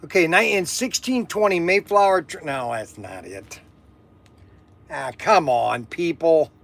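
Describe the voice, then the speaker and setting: This older man speaks in a high register and rambles along with easy jokes. He interrupts himself often and keeps a loose, chatty flow as the host. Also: animated, measured pace, vocal fry, fairly bright tone. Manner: rambling, joking, self-interrupting. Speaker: host of a toy shop channel. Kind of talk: casual chat on camera.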